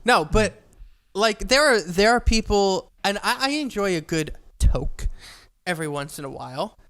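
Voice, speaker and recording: A man's voice: sits high, expressive, normal speed, a bit bright. A man co-hosting a podcast, ranting comically and swearing in casual chat. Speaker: podcast co-host.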